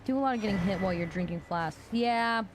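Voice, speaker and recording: A woman's voice: mid-range voice, quick pace, background noise. A young woman streaming a game live, chatting playfully and swearing often. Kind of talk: live gameplay commentary.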